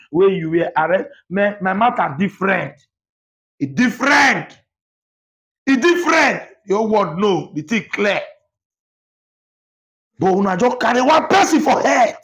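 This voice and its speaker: High-pitched Nigerian pastor shouting rebukes. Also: male voice. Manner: shouting, repetitive, mixes Pidgin and English. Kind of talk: fiery rebuke sermon to camera.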